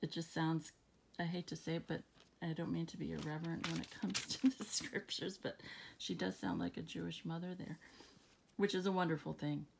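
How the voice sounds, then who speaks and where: Low gravelly woman reading scripture softly. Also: steady tone, slight background noise. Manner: reads scripture slowly, then muses with fillers and soft laughs. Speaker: Bible reading channel host. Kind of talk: casual Bible reading and reflection. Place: at home.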